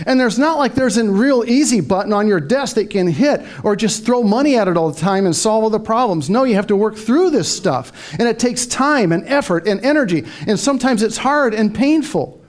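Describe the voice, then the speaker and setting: A middle-aged man with a notably high-pitched voice delivers a motivational talk to a live audience. He tells his story lively and acts out the back-and-forth in his head. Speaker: motivational speaker.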